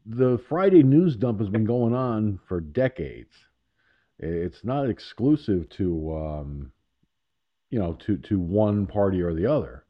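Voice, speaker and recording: A man's voice: on the low side, lively intonation, slow pace. A man hosting a casual internet talk radio show, rambling and self-amused with chuckling asides. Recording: muffled lo-fi internet radio audio.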